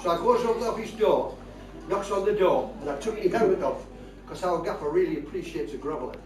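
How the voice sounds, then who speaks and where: A man's voice: on the high side, expressive, fast. An older man with a Northeast English accent telling comic stories to a live crowd, chatty and laughing at his own jokes. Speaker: comic storyteller and spoon player. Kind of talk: stand-up storytelling to a live crowd. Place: hall with live audience. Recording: roomy hall mic from far off, crowd.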